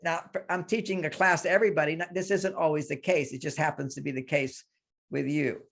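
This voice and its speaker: A man's voice: fairly high pitch, fairly even intonation, brisk, vocal fry, fairly bright tone. A man leading an emotional coaching session, emphatically voicing anger in the first person to demonstrate the exercise.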